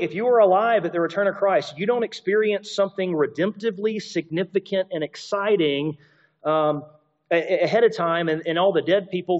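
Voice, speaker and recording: A man's voice: a little high, dull audio. A man preaching a sermon, explaining scripture in a conversational teaching manner with asides and repeated points. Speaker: pastor.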